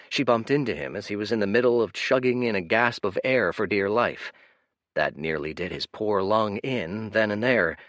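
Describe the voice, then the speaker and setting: Man narrating with a lively melody. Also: on the low side, no room sound, studio quality. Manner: expressive, animated reading. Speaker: audiobook narrator. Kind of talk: scripted narration.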